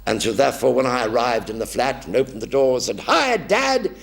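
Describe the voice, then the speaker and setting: A man's voice: medium pitch, fast, vocal fry, husky. An older man telling wry wartime anecdotes on a theatre stage in a one-man show. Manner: lively, wry, acts out voices.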